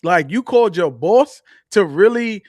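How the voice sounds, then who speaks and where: This man co-hosts a casual book chat with a voice pitched a bit high for a man. He talks in an animated, slangy way and laughs often. The recording is dry and close-miked. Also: a little slow, dry recording, lo-fi sound. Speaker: book review co-host.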